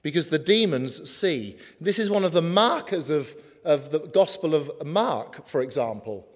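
A man preaching a sermon in an earnest way, slowing down for emphatic lines. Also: a little high, expressive. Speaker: pastor. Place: church hall. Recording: long hall reverb.

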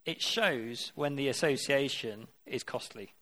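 Male preacher, earnest and conversational in the sermon, mid-pitched voice. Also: unhurried, sharp tone.

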